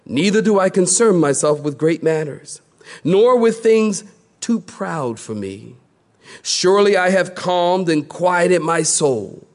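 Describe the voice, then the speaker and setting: A male pastor preaching a sermon, telling stories animatedly and acting out the people in them. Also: slow pace. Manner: animated storytelling, acting out voices with big pitch jumps.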